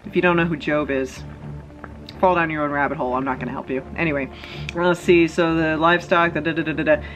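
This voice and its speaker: A woman's voice: sits low, steady tone, fairly quick, a bit bright, soft background music, rough recording. Chatty woman vlogger, rambling asides. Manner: rambling and chatty, with many fillers. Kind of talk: casual vlog commentary.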